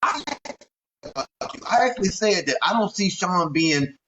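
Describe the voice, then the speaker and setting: A man hosting an interview, putting probing questions in a deliberate, halting way full of fillers. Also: sits high, animated, bright, forceful tone, a little hiss or hum. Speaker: interview host. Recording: echoey, dull lo-fi audio.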